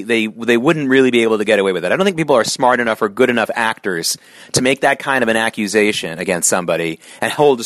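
A middle-aged man hosting a solo podcast monologue, with an animated delivery that swings from low, tired tones to sharp, emphatic peaks. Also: dry recording. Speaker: podcast host.

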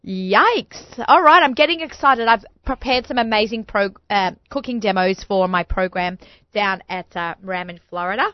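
A woman in her forties hosting a radio talk show, chatty and excitable, often laughing. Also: mid-range voice, normal speed, dry recording, dull audio. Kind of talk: casual chat.

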